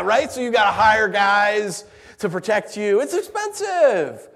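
High, lively man preaching in a hall. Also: a little slow. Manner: animated, jokey, rhetorical questions. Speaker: pastor. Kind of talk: sermon with humorous asides.

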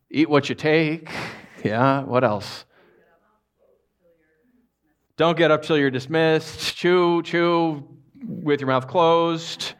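A man preaching a sermon to a live congregation, telling stories in a playful way and asking his listeners questions. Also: a little high. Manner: animated, playful storytelling with audience questions. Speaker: pastor.

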